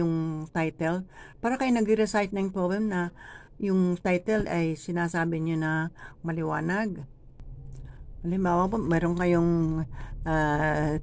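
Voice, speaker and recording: A woman with a Filipino accent training church readers, speaking deliberately and demonstrating phrasing by reading lines aloud. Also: on the low side, a little mellow. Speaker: lector trainer. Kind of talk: teaching scripture reading in a workshop.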